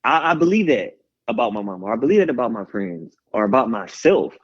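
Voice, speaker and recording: A man's voice: mid-range voice, a little fast, slightly rough. A man, talking openly and energetically as a guest, ranting and hyping people up. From Houston, Texas. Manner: animated, rambling, hype-man energy. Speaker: guest musician. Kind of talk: candid interview talk. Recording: slightly dull lo-fi radio audio.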